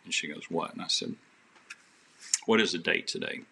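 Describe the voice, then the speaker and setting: A man's voice: sits low, moderate pace, gravelly, sharp tone, slight background noise. A man who is a podcast guest, telling a personal story with faith at its heart in an earnest, rambling way, with many restarts.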